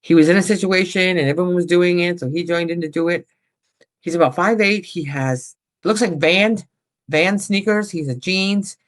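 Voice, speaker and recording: A woman's voice: fairly low pitch, normal speed. Rambling woman psychic medium. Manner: rambling, relays spirit messages. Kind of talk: casual paranormal chat.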